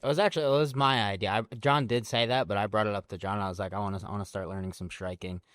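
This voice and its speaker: A man on a casual podcast, giving brief, low-key answers. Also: fairly even intonation, racing, fairly bright tone, no room sound, studio quality.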